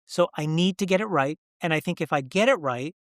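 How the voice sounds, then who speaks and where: A middle-aged man as an interview guest, talking candidly and emphatically, pressing his point with rhetorical questions and halting when he gets emotional. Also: on the high side, animated, no echo, studio quality.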